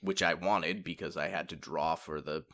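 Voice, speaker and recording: A man's voice: low-pitched, steady tone, moderate pace, a bit bright. A man co-hosting a casual podcast, talking expressively, swearing and complaining with gusto. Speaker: podcast co-host. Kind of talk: casual chat.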